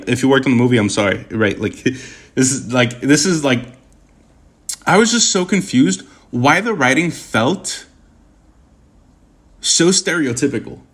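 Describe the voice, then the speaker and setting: Young man, average pitch, casual livestream chat, rambling, stammering restarts, slangy. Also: animated, normal speed, pauses often. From Puerto Rican heritage. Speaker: streamer answering chat.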